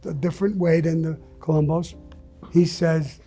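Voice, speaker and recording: A man being interviewed, telling a story bluntly and profanely in a casual, animated way. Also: a little high, normal speed, slightly rough, soft background music. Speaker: interview guest.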